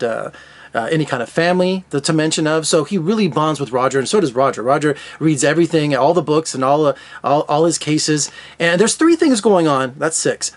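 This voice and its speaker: Guy reviewing a movie, chatty and scattered, trips over his words, kinda higher voice. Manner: rambling, self-correcting, chatty. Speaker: film critic. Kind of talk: casual video film review. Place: Las Vegas.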